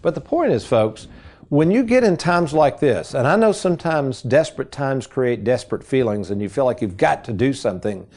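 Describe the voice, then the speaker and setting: A middle-aged man hosting a financial radio show, telling folksy stories in a casual, animated way. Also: mid-range voice, normal speed. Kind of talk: casual radio chat and storytelling.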